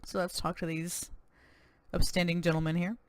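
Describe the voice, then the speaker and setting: A let's-play host giving casual, chatty commentary with quick self-deprecating asides. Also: medium pitch, flat delivery, no room sound.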